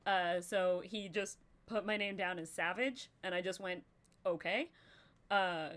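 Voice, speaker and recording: A woman's voice: lowish voice, a little slow, a bit bright. A young woman co-hosting a live stream, chatting casually with a rambling flow and many fillers. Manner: rambling, lots of filler likes. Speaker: podcast co-host.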